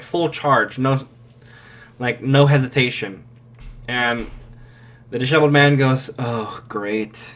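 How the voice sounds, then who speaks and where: A man's voice: mid-range voice, a bit bright. A man casually improvising a fan story, narrating with many fillers and restarts.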